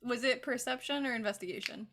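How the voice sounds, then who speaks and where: A woman's voice: fairly high pitch, fast talker, slight background noise. A woman playing a tabletop role-playing game, chatting casually, laughing a lot and swearing freely. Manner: giggly, animated, swears freely. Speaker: player.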